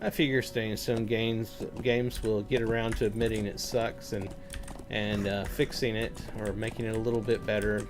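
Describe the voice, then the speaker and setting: A man's voice: on the low side, little pitch movement, normal speed. A man giving casual gameplay commentary, full of sarcastic, ranting asides. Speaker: gameplay streamer. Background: faint game music.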